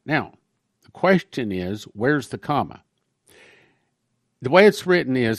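A male pastor talks through prophecy in an easy, conversational way, pausing now and then to read a quotation aloud. His voice sits at an ordinary middle pitch. The recording is close and dry, with no room sound. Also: sing-song, dry recording. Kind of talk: sermon-style prophecy talk.

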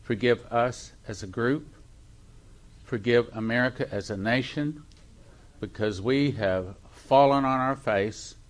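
A man, a pastor, leading an earnest, fervent spoken prayer over an offering. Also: mid-range voice.

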